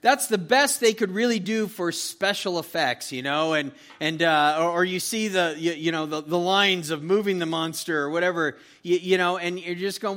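A man preaching a casual, animated sermon, reading scripture and retelling the story with frequent restarts. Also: high voice, normal speed, few pauses. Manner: conversational, animated, with repeated restarts. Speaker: pastor. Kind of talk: expository Bible sermon.

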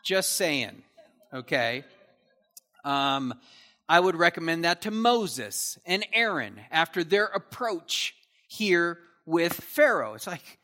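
A man's voice: fairly high pitch, very animated, slow, pushed and bright. A man teaching through a Bible passage verse by verse, with casual asides that check in with his listeners.

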